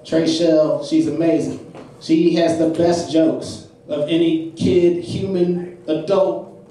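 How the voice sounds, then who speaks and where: Live on a club stage, a man with a mellow, somewhat high voice tells loose, self-mocking stories packed with fillers. The distant mic picks up a roomy space, a bit of hiss or hum, and audience laughter.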